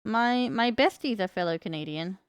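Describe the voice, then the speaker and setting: A woman's voice: medium pitch, animated, moderate pace, smooth, no room sound. A woman from the United States with a Southern accent, chatting playfully with her live stream audience while she paints. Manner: chatty, playful, self-mocking. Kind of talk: casual chat while painting. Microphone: streaming mic.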